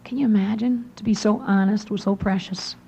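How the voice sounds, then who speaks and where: A young adult woman giving an earnest devotional talk to women, often dropping to a soft near-whisper for emphasis. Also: medium pitch, steady tone, brisk, slightly rough, low-quality recording. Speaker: women's conference speaker.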